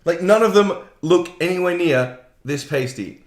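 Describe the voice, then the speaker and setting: A man's voice: high-pitched, animated, normal speed, echoey room. A man from England chatting casually on a podcast, rambling and hesitant. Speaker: podcast co-host. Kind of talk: casual chat.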